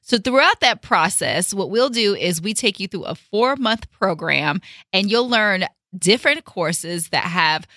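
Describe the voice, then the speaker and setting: A woman hosting her own show, telling a story in a casual, animated way and acting out the people in it. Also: mid-range voice, measured pace, no echo, clean studio sound. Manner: animated, emphatic, acts out quotes. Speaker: host. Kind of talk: storytime vlog, casual chat.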